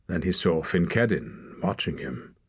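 A man's voice: low-pitched, expressive, unhurried, breathy edge, no echo. A man narrating a story as an audiobook reader, reading expressively. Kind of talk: scripted narration.

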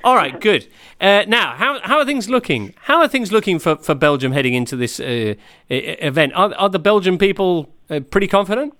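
A man's voice: high-pitched, fairly quick. A man hosting a football podcast in a jokey, casual way. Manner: jokey, lively presenting. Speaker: podcast host. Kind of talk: casual chat.

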